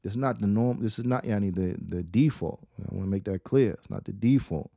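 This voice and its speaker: A man giving a religious lesson, asking rhetorical questions, repeating key phrases and reading Arabic quotations quickly. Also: lowish voice, creaky, warm tone, no echo. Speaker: Islamic teacher.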